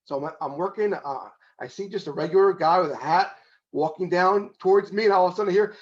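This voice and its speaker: A man with a fairly high voice hosts a casual interview, talking very fast and eagerly launching into his own stories. His sound is dull and lo-fi, with the top end rolled off. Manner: quick and chatty, eager storyteller. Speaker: interview host.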